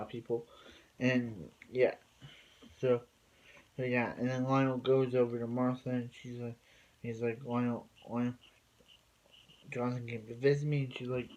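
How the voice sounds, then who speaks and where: A man talks through a TV episode in a loose, rambling recap. He keeps circling back with fillers and restarts. His voice sits at an ordinary middle pitch. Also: flat delivery, unhurried, pauses often, darkish tone, rough recording. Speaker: TV episode reviewer.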